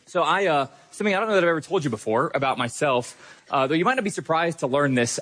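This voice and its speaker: A man's voice: a little high, expressive, quick pace, fairly bright tone. A man preaching a sermon as a pastor, earnest and conversational, with occasional fillers.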